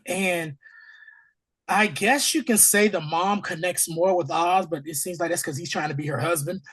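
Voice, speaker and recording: Husky, hoarse man recapping a TV episode. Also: high-pitched, normal speed. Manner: animated, acts out scenes in character voices. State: hoarse from allergies. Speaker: podcast host. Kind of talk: casual TV episode recap chat.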